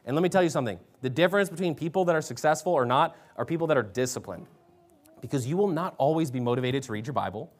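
A man's voice: on the high side, expressive, fast. A man preaching a sermon, exhorting his listeners and reading scripture aloud with emphasis. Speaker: pastor.

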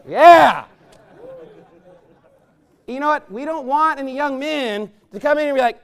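A man, a pastor, delivering a sermon in a blunt, emphatic and scornful way, with loud bursts. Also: very high-pitched, animated, measured pace, long pauses.

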